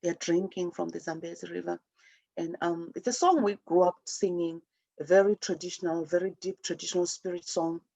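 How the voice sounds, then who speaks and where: A woman's voice: on the low side, steady tone, brisk, gravelly, warm tone, dry recording, muffled recording. A woman from Zimbabwe hosting a spiritual talk show, speaking earnestly and rambling with many restarts. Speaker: host.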